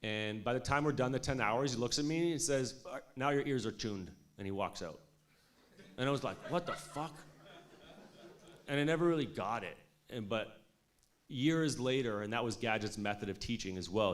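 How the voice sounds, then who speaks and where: Swearing, animated man telling studio stories. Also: fairly low pitch. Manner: animated, swearing, lots of "like" and "you know". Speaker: music producer speaking at an industry showcase. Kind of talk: casual storytelling talk.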